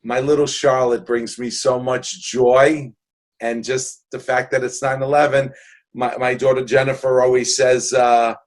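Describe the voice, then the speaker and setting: This interview guest, a New Yorker in his sixties, rambles through his stories earnestly and with jokes, restarting often. He speaks unhurriedly in a mid-range voice with a flat delivery.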